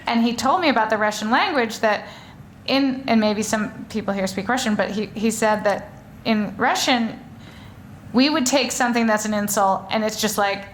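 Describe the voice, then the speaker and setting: A woman's voice: a little high, normal speed. Woman, author, rambling chatty talk, live stage, faint background noise. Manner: chatty, rambling with many fillers and restarts. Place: stage before a live audience.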